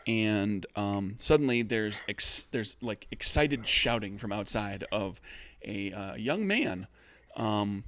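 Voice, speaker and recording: A man's voice: on the low side, expressive, slow pace, fairly bright tone, a little hiss or hum. A man running a tabletop game as game master, narrating in a loose, rambling way full of restarts. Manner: rambling, many fillers and restarts.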